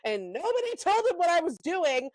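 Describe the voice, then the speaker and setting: A young woman co-hosting a podcast, telling animated stories in a casual chat, full of "um" and "like". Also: extremely high pitch, no echo, low-quality recording. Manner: animated storyteller, lots of "um" and "like", quick asides. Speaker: podcast co-host.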